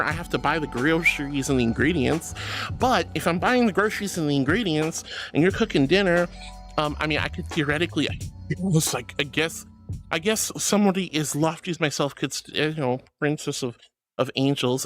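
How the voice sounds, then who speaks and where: Bubbly woman streamer with a lively voice. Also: low-pitched. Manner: bubbly and playful, quick to laugh. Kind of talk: casual chat reading stream messages.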